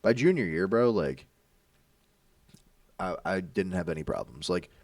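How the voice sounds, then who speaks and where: Animated young man telling stories. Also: low voice, measured pace, no room sound, recorded from a distance. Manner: animated, acts out voices in his stories, swears freely. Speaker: podcast co-host. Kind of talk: casual storytelling.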